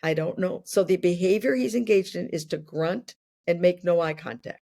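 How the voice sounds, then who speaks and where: Gravelly older woman explaining patiently. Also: fairly low pitch, normal speed, warm tone. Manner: explanatory, uses worked examples. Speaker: guest. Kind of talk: conversational interview.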